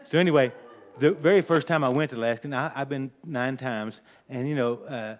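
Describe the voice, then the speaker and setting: A man's voice: mid-range voice, brisk. Older man rambling through a folksy tale. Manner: folksy, rambling, chuckling as he tells it. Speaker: storyteller. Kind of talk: casual spoken anecdote. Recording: dull lo-fi recording.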